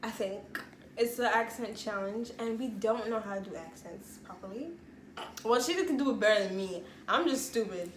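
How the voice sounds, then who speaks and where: A woman's voice: medium pitch, normal speed, a little hiss or hum. A young woman hosting her vlog, rambling and self-mocking in casual chat. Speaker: vlogger host. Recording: echoey room with music playing.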